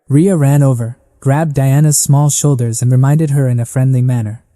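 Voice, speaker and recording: Guy reading a story recap steady, dark voice, long reverb. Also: medium pitch, moderate pace, few pauses. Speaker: narrator.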